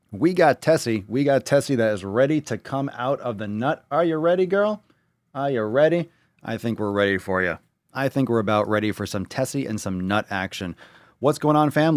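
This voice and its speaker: A man's voice: lowish voice, no echo. A man hosting a livestream podcast, crude, hyped and joking, on a studio microphone. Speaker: podcast host.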